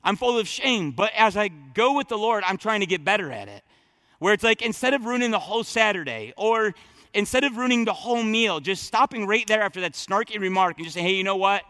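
Bright-voiced male pastor preaching. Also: high-pitched, lively intonation, a little fast, no room sound, studio quality. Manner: conversational, thinking aloud with frequent fillers and restarts; earnest, emphatic preaching. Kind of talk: sermon.

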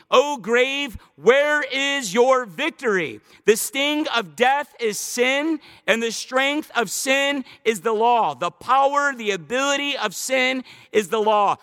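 Man, pastor, sermon, high voice, animated, emphatic scripture reading. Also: in a large hall. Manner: animated preaching with slowed emphatic scripture quotes.

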